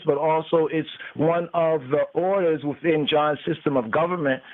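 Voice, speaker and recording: A man works through scripture at an unhurried, deliberate pace, repeating and chanting single words as he translates them. His voice sits a bit higher than most men's. It comes through a tinny phone line from somewhat away from the mouthpiece. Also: distant mic. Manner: repeats and chants words, pausing between phrases. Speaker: radio podcast host teaching scripture. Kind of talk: slow scripture study with word-by-word translation. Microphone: phone call-in line.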